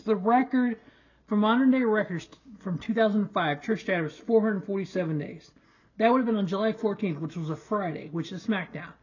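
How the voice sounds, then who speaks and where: A man's voice: sits high, muffled recording. A young man hosting a casual wrestling review show, ranting in a frustrated, profane way with lots of restarts.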